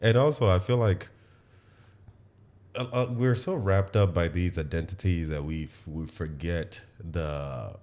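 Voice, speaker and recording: A man from Nigeria with a very low voice hosts a relaxed podcast chat. He talks bluntly, swears freely and keeps checking in with "you know what I'm saying?" He sounds like a young adult speaking his mind. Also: measured pace. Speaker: podcast host. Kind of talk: casual podcast conversation.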